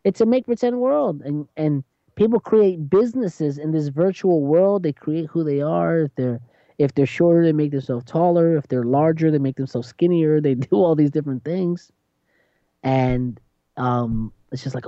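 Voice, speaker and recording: Dark-voiced chatty radio host. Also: normal speed, dry recording, muffled recording. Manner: chatty storytelling, acts out quotes in a high voice. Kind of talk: casual talk-radio monologue.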